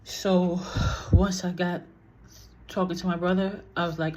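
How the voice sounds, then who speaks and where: A woman's voice: on the low side, flat delivery, normal speed, mellow, a little hiss or hum. Blunt, heated woman telling a story. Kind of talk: casual storytime vlog.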